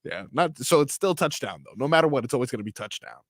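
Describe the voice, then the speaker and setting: A man's voice: mid-range voice, expressive, fast, no room sound. A man co-hosting sports radio, joking playfully and laughing easily in casual studio banter.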